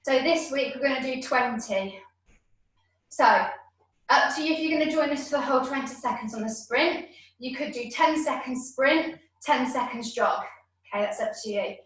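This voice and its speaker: High-voiced woman leading a home workout. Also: moderate pace. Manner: encouraging, counts reps aloud. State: out of breath at times. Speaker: fitness instructor. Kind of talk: leading an online exercise class. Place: room at home. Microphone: video call. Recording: very echoey room, voice from far off.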